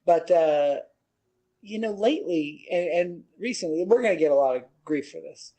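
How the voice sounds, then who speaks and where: A man with a noticeably high-pitched voice hosts a casual podcast chat. He sounds upbeat and steers the conversation by asking his co-host questions. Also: animated, moderate pace, mellow, rough recording. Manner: upbeat, leads the talk with questions.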